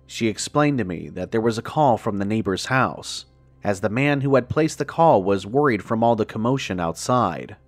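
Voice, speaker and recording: A man with a lowish voice reads a scary first-person story in a measured, dramatic way and lingers on the gruesome parts. The sound is dry and close, with no room echo. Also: expressive, soft background music. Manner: measured, dramatic reading that slows on grim details. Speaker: horror story narrator. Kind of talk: scripted first-person horror narration.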